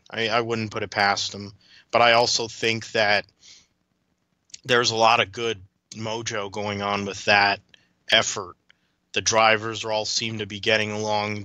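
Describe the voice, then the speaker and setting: A man's voice: on the low side, bright, forceful tone, no room sound. A man as a podcast guest, rambling through detailed motorsport recollections with frequent restarts in casual chat.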